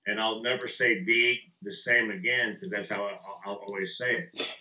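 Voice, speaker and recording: A middle-aged man from the Midwest hosts a casual podcast, swearing freely and drifting from story to story. His voice is very bright. It rings in an echoey room, and he sits back from the microphone. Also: on the low side, fairly even intonation, a little fast, far from the mic. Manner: profane, rambling, laughs a lot. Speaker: podcast host. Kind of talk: casual chat.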